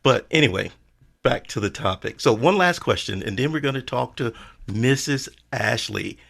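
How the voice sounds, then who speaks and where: A man hosting a casual interview, relaxed and joking, who speaks to the viewers directly. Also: medium pitch, moderate pace, vocal fry, slightly rough. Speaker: show host.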